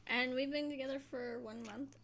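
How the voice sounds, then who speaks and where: A woman's voice: high voice, steady tone, normal speed, gravelly, fairly bright tone. A young woman chatting casually on a couple's vlog, giggly and bubbly. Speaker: vlogger.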